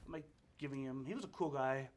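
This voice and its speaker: A man's voice: medium pitch, fast talker, slight background noise. A man telling a story as a guest in a casual interview, chatty and full of fillers. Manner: chatty storyteller, acts out quoted voices, many fillers. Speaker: actor guest.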